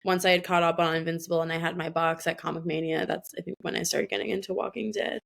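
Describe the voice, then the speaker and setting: A woman's voice: on the low side, level tone, fast talker, gravelly, fairly bright tone. A woman in her twenties chatting animatedly as a podcast guest, full of fillers and laughter. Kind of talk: casual chat.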